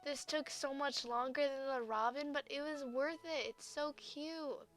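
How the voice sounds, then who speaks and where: A young woman giving casual gameplay commentary as a YouTuber, chatty and often gushing with excitement. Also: high-pitched, normal speed. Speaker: gaming YouTuber.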